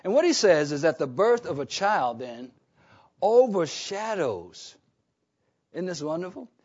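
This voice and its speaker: A man with a fairly high but darkish-toned voice delivers a sermon. He speaks emphatically and conversationally, frequently asking the congregation questions; the recording is dull and lo-fi.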